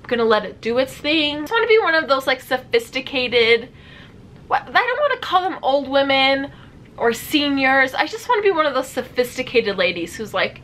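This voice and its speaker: A young woman giving animated, sarcastic reaction commentary as a vlogger. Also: sits high, moderate pace, slight background noise. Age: young adult.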